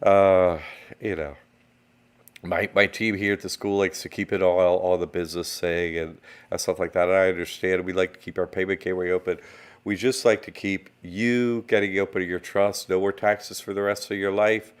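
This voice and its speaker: A man's voice: deep voice, little pitch movement, normal speed, smooth. A man hosting a live-streamed online class, rambling and conversational as he greets chat viewers. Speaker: online course host.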